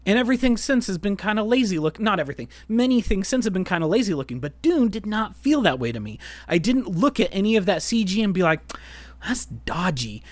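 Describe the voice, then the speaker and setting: A podcast co-host in a casual film chat who talks quickly and animatedly, full of restarts and "like"s. The voice sits mid-range in pitch. The sound is dry and close, with no room echo. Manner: animated, talks fast with many restarts and fillers.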